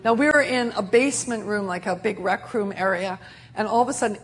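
A woman's voice: medium pitch, a little fast, slight background noise. A middle-aged woman preacher telling a sermon testimony in an earnest storytelling way, with many restarts.

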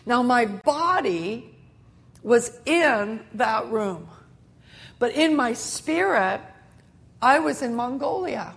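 A woman's voice: fairly high pitch, lively intonation, slow, gravelly, pauses often. A middle-aged woman preacher telling a sermon testimony in an earnest storytelling way, with many restarts.

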